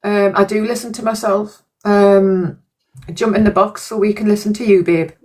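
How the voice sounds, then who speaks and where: A woman's voice: mid-range voice, steady tone, brisk, a little mellow, far from the mic. A tired woman hosting a live stream and steering callers back on topic. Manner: tired, moderating.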